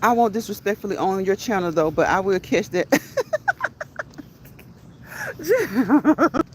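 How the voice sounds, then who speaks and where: A woman's voice: on the high side, slight background noise. Laughing, chatty woman streamer. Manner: laughing often, talking back to chat; quick, lively chatter. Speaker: livestream host reading chat. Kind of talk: casual livestream chat.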